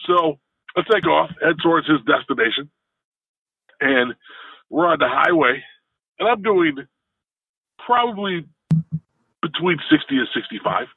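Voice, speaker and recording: A man co-hosting a podcast, telling a story in an animated, casual way. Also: a little slow, vocal fry, long pauses, slightly rough, dry recording. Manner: animated, jumps into higher pitch when telling a story. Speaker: podcast co-host. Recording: tinny phone-like dry sound.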